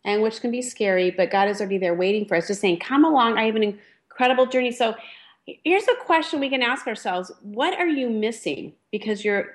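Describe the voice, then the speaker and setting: A woman's voice: mid-range voice, expressive. A woman co-hosting a Christian radio talk show, speaking earnestly and encouragingly about faith. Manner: earnest, encouraging, slow and deliberate.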